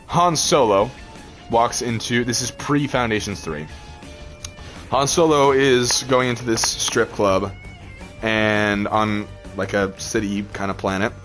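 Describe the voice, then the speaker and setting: A man's voice: on the low side, fairly bright tone. A man chatting casually over gameplay, rambling through a story with lots of fillers and laughs. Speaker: gaming channel host.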